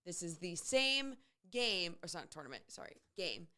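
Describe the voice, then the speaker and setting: A woman's voice: lowish voice, big pitch swings, moderate pace, pushed and bright, smooth. A woman co-hosting a morning radio show, chatting casually and teasing her co-host. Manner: chatty, teasing, interjects often.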